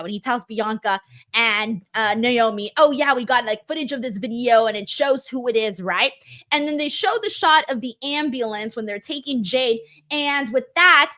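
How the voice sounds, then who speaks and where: A woman hosting a live wrestling watch-along stream, chatty and expressive, often laughing. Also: on the high side. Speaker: host. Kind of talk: casual live-stream chat.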